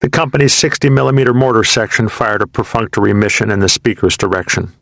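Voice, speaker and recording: A man narrating a war novel as an audiobook, in a steady, measured storytelling manner. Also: fairly low pitch, creaky, no room sound.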